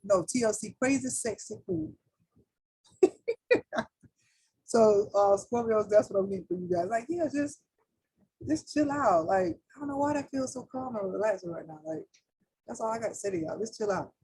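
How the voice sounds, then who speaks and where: Woman, tarot reader, casual and slangy, husky voice. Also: medium pitch, lively intonation, moderate pace, pauses often, mellow, rough recording. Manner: loose, slangy, talks straight to viewers as y'all. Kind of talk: casual spiritual reading.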